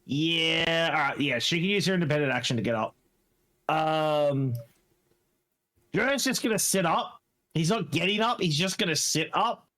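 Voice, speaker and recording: A man's voice: fairly high pitch, animated, normal speed, sharp tone. A man playing in a tabletop game, talking casually, swearing and thinking aloud about the rules. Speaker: player.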